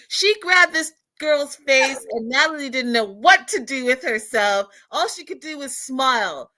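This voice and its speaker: A woman hosting a casual reality TV recap, telling scenes with animated retellings and frequent laughter. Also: sits high, unhurried, few pauses. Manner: animated storyteller, acts out quotes, laughs often. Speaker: host.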